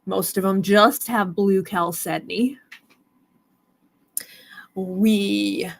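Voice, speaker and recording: A woman's voice: medium pitch, steady tone, drawn-out words, gravelly. A woman hosting a live stone sale stream, chatting casually and greeting viewers by name.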